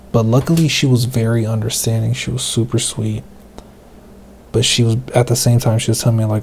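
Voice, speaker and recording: A man hosting a podcast, telling casual rambling stories in a loose, profane way, keeping his voice soft. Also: mid-range voice, fairly even intonation, a little fast, gravelly, slight background noise. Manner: speaking softly, half-whispered. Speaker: podcast host. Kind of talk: casual storytelling monologue.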